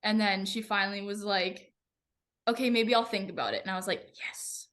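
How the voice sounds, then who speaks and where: Bubbly bright-voiced young woman. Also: medium pitch, fairly quick. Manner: bubbly, animated, many "like" fillers. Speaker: guest racer. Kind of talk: casual podcast chat.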